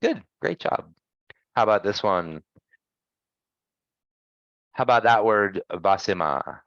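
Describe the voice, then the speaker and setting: Man teaching pronunciation, slow and lively, encouraging, dry dull online audio. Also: fairly low pitch, no room sound. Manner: patient, encouraging, corrects grammar gently. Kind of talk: online language lesson.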